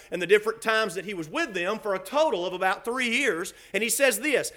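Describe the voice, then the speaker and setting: A man preaching with a strikingly high, bright voice. He drops to hushed, intimate asides, then rises to fervent shouts, with frequent laughter threaded through his delivery. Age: adult with children. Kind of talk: sermon.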